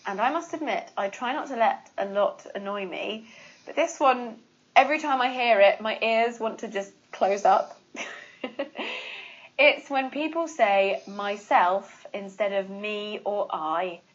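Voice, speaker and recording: A young British woman teaches English in a chatty, lively way, with playful example phrases. Her voice sits at a middle pitch. The recording sounds a little dull and muffled. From Britain. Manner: chatty and expressive, quick laughs, playful mock examples. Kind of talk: casual lesson to camera.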